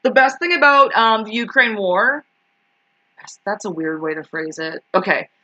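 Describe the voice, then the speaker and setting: A woman's voice: medium pitch, moderate pace, sharp tone, highs cut off. A Canadian woman in her thirties hosting a ranting vlog, swearing freely, sarcastic and laughing as she talks. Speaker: channel host.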